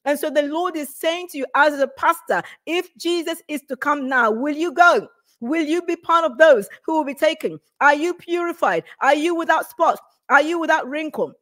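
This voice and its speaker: A woman's voice: high-pitched, fairly bright tone. A middle-aged woman preaching a prophetic sermon, urgent and repetitive, building into fervent exhortation. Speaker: preacher sharing a prophetic word.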